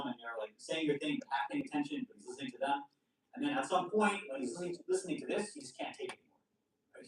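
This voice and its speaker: Man, preacher, casual storytelling sermon, higher voice, heavy hall echo, distant mic. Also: a little hiss or hum. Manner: conversational, animated storytelling with casual asides. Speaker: preacher giving a majlis lecture.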